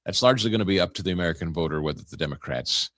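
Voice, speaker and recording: A man's voice: low-pitched, very fast, fairly bright tone, no room sound, studio quality. A man hosting a political talk show, delivering opinionated commentary in a sarcastic, incredulous way.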